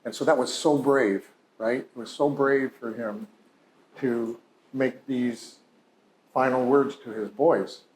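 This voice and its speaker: A man's voice: medium pitch, fairly even intonation, takes it slowly, darkish tone, slight background noise. A male psychologist telling a patient's story in a conversational, heartfelt lecture, full of "you know" and "like". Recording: roomy echo.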